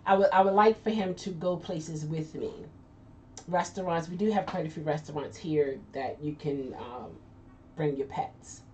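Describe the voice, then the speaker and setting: A woman's voice: low-pitched, normal speed, darkish tone. A woman hosting a casual live chat, talking loosely with frequent laughs and restarts. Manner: chatty, laughs often, trailing restarts. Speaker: host. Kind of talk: casual chat reading viewer comments. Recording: distant lo-fi mic with faint noise.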